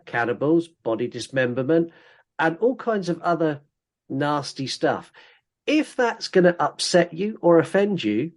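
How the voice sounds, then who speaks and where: A man co-hosting a true crime podcast, joking and blunt in casual chat. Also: on the high side. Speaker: podcast co-host.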